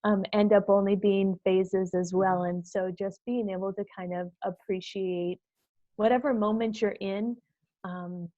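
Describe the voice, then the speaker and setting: A woman speaking earnestly in a casual parenting video chat, pausing with fillers. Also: medium pitch, steady tone, no echo, narrow, tinny audio. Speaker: parent, guest in discussion.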